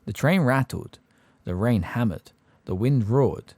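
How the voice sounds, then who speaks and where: A man narrating a fantasy audiobook with an expressive delivery. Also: medium pitch, unhurried, no echo. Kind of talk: fan audiobook reading.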